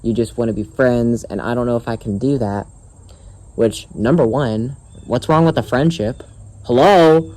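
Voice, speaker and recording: A man's voice: medium pitch, normal speed, darkish tone, poor audio. A young man vlogging outdoors, telling a story in a profane, exasperated and sarcastic rant. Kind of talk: ranting storytime vlog.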